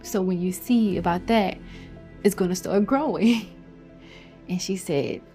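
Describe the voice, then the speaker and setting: A woman's voice: mid-range voice, takes it slowly. A young woman telling her own story of a hard pregnancy, emotional and dropping to near whispers at the hardest parts. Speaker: testimony speaker. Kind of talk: personal testimony storytelling. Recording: soft music behind.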